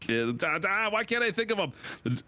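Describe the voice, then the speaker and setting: A Canadian man streams and chats with his viewers in a rambling, lively way. His pitch swings widely, leaping up whenever he reacts to something. The sound is close and dry, with no room in it. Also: moderate pace, no echo. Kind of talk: casual chat with chat while gaming.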